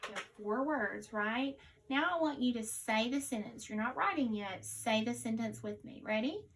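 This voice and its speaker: A woman teacher leading a recorded phonics dictation lesson, sounding out each word slowly and deliberately. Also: a little high, lively intonation, a bit bright, slight background noise.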